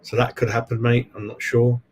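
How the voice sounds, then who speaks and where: A man's voice: mid-range voice, little pitch movement, a little fast, slight background noise. A chatty man in the middle of a casual live stream, talking in a mid-range voice. He rambles through his thoughts, answers viewers as he goes, and throws in "mate" every few lines. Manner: chatty, keeps saying "mate". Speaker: football fan channel host.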